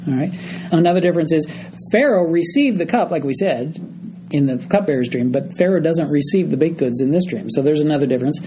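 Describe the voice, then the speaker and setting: A man's voice: on the high side, lively intonation, a little fast, warm tone, slight background noise, low-quality recording. A man teaching a group Bible study, explaining a passage verse by verse and often checking in with his listeners.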